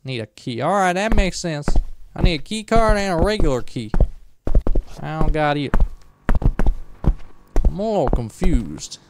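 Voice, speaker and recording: A man voicing a folksy, rough country man during gameplay, with an uneven put-on country drawl. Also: fairly high pitch, expressive, unhurried, long pauses, heavy background noise. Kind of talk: in-character gameplay commentary.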